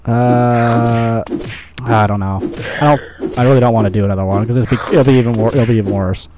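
A man's voice: mid-range voice, steady tone, a little fast, over music. A man giving casual, rambling gameplay commentary, swearing and joking at himself as he plays. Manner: rambling, sweary, self-mocking. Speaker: gamer, channel host.

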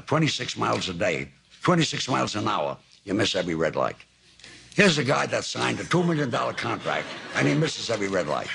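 Old guy in his 90s, gravelly and low, deadpan storytelling, noisy old tv tape. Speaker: talk show guest. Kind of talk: anecdotal storytelling.

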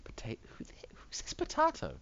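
A man's voice: fast, no echo, whispered, muffled recording. A man hosting a game tournament in casual, rambling commentary, laughing often between remarks.

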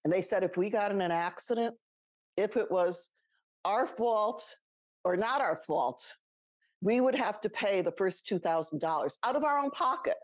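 A woman's voice: medium pitch, expressive, moderate pace, no room sound. A middle-aged woman co-hosting a podcast, telling a personal story in a casual, chatty way and laughing often. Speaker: podcast co-host.

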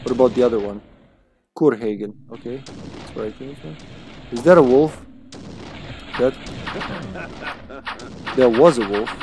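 A man's voice: medium pitch, mellow, slight background noise. A man streaming a game, chatting casually, swearing freely and yelping when his character is hit. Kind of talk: casual gameplay commentary.

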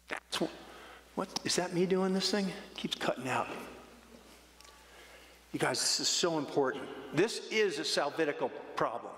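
A man's voice: a little high, a bit bright. A male pastor preaching a sermon in a church sanctuary, emphatic and conversational, acting out voices of the figures he quotes. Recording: echoey church hall.

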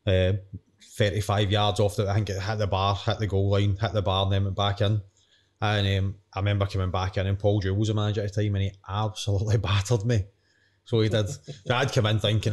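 A man's voice: on the low side, little pitch movement, fairly quick. A man in his thirties, a former footballer, telling stories as a podcast guest in a chatty, matey way. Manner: chatty, matey, retells quotes. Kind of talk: casual interview storytelling.

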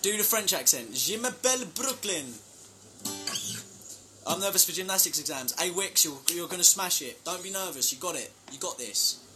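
A man's voice: high voice, lively intonation, fairly quick, music in the background. A young man chatting casually on a live stream, reading out fan names and thanking them for gifts. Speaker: band member live-streaming to fans.

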